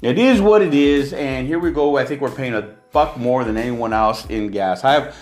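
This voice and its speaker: A man's voice: mid-range voice, normal speed, a little mellow, soft background music. A man from California, hosting a casual monologue and ranting emphatically, often repeating words as he restarts his sentences. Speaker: vlogger and host.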